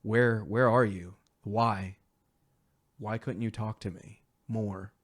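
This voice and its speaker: A young man telling an emotional personal story as a guest, earnest and halting, acting out the voices of the people in it. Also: on the low side, steady tone, no room sound, clean studio sound. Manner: earnest, acts out quoted voices, halting restarts.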